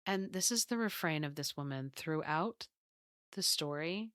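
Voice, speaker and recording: A woman co-hosting a podcast, retelling an old tale with animated energy and frequent laughter. Her voice is bright and crisp. It sits close and dry on the mic. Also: sits low, measured pace, no room sound. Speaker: podcast co-host. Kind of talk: casual storytelling chat.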